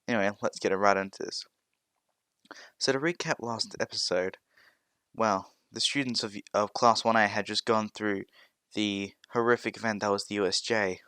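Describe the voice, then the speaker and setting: Man, casual rambling narration, low voice, smooth, dry recording. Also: a bit bright, no room sound. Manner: rambling, with fillers and restarts. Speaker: storyteller and content creator. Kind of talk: casual fan-story narration.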